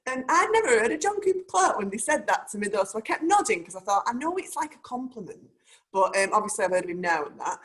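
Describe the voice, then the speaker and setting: A woman's voice: a little high, big pitch swings, quick pace, fairly bright tone. Chatty woman host, lots of likes. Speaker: talk show host. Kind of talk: casual chat.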